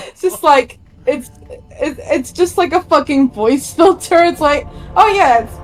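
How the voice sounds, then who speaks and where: Woman streamer, high voice, profane and chatty, faint music behind. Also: measured pace, rough recording. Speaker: streamer playing a video game. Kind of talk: casual game commentary.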